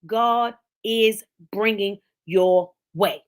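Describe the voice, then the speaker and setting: A middle-aged woman giving a fervent sermon-style motivational talk, speaking plainly and straight to her listeners, at times rising to a shout. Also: medium pitch, drawn-out words, clear, resonant tone. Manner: fervent preaching, talks straight to listeners by name. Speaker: speaker of a lunchtime empowerment talk.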